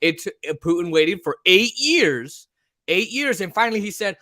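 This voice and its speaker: Animated talk-show host man, slightly high voice. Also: moderate pace, a little hiss or hum. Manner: animated, rambling, mimics voices mid-rant. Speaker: podcast host. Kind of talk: opinionated casual talk show chat.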